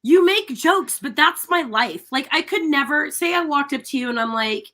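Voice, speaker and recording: A woman co-hosting a live talk show, telling animated stories in casual chat and laughing often. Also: high voice, moderate pace, few pauses. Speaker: radio show co-host.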